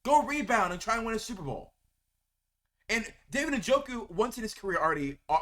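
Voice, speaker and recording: Fired-up man ranting, high lively voice. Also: brisk. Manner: heated, venting, repeats words when upset. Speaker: sports video creator. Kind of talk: angry fan rant to camera.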